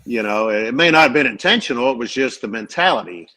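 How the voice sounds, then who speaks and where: A man's voice: mid-range voice, animated, quick pace, sharp tone, low-quality recording. A man with a mid-range voice talks earnestly in a casual podcast conversation. He circles his points with many "you know"s and restarts. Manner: earnest, rambling, acts out quoted leaders. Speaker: podcast co-host, Marine veteran. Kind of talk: casual chat.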